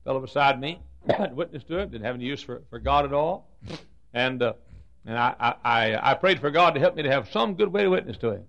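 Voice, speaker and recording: An older man preaching a sermon, telling folksy stories with stammered restarts and sudden swings from loud to soft. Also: medium pitch, expressive, a little fast, vocal fry, muffled recording.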